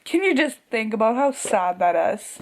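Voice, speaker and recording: Gushing, excitable woman book vlogger. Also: on the high side, moderate pace, slight background noise. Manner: gushing, excitable, laughs often. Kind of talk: casual reading reactions to camera.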